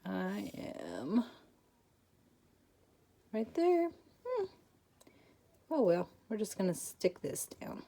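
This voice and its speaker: A woman's voice: medium pitch, very animated, very slow, vocal fry, pauses often, dark tone, breathy edge. A woman hosting a casual papercraft tutorial, chatty and self-deprecating, with lots of fillers, and tired and yawning. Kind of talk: casual craft tutorial chat.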